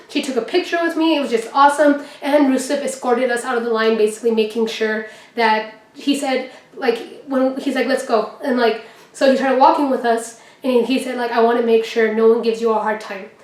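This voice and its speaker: A woman's voice: fairly high pitch, a little fast, far from the mic. Chatty young woman in an echoey room. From Texas. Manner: excited, chatty, acts out quotes. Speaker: vlogger. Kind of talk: casual storytelling. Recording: echoey room, mic set back.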